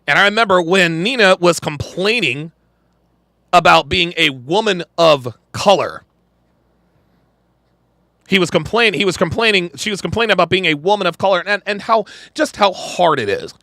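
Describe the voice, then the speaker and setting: Crude, animated male podcast host. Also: high-pitched, moderate pace, no room sound, studio quality. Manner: crude, blunt, ranting. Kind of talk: livestream commentary.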